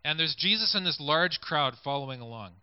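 A man's voice: on the high side, lively intonation, fairly quick, smooth, no room sound. A male preacher giving a sermon in a conversational way, reading scripture and inviting listeners to picture the scenes. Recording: dull lo-fi recording.

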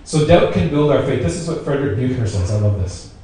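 A man's voice: medium pitch, lively intonation, fast, warm tone. A man preaching a sermon in a conversational way, repeating phrases for emphasis. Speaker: pastor. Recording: very echoey room, distant mic, faint noise.

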